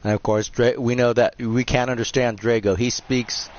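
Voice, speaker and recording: A man's voice: mid-range voice, level tone, normal speed, no room sound, highs cut off. A man hosting a live-streamed wrestling video game, commentating in a rambling, jokey, off-the-cuff way. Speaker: host and commentator.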